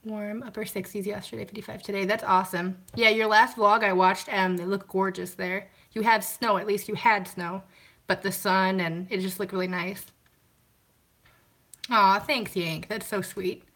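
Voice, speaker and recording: Woman, bright voice, casual live-stream chat, greets viewers, answers comments, washing glasses while talking. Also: medium pitch, fairly even intonation, normal speed. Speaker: vlogger hosting a live stream.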